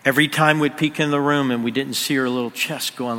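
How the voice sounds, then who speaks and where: A pastor telling a personal story in a sermon, sometimes dropping to a near-whisper at the emotional moments. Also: male voice, mid-range voice, steady tone, brisk, pushed and bright. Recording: long hall reverb.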